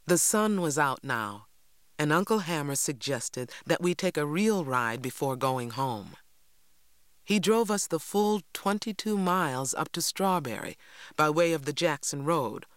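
A man narrates a first-person storybook in a somewhat high voice. His reading is steady and expressive. The recording is dry and close, with no room sound. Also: clear, resonant tone, no echo. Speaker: audiobook narrator.

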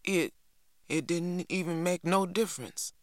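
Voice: mid-range voice, unhurried, dry recording, clean studio sound, natural voice. A reader voicing a bragging teenage boy. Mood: unsure. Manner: bragging, wheedling, loud. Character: boastful show-off teenage boy, needy and brash.

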